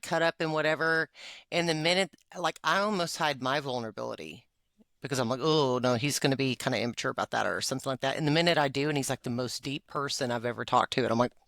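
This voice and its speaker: Woman in her 40s, confessional podcast co-host, crisp bright tone, dry close mic. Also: deep voice, dry recording. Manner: emotional, confessional, with frequent fillers and laughs. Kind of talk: candid personal conversation.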